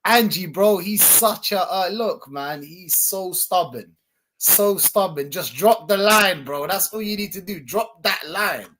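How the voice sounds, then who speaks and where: A man's voice: sits high, unhurried, a bit bright, slight background noise. A man hosting a casual live stream, often saying that things are madness. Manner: repeats "that's madness, bro". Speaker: Arsenal fan streamer, host.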